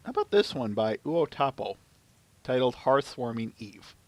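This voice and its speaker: A man's voice: mid-range voice, expressive, normal speed, darkish tone, no room sound. A man hosting a casual podcast chat, searching for words as he talks. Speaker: podcast host.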